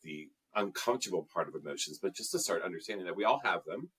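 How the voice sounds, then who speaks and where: A man with a low, somewhat husky voice talks as an interview guest. He is earnest and reflective, pausing often with fillers as he searches for his words. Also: animated, a bit bright. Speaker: guest, emotional intelligence trainer. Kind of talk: interview conversation.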